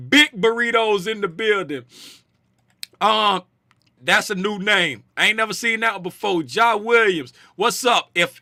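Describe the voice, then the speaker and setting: A man runs a casual livestream, joking and calling out viewers in the chat by name. His voice sits high and sounds very bright and forceful. The sound is dry, with no room echo. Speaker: livestream host and trading educator.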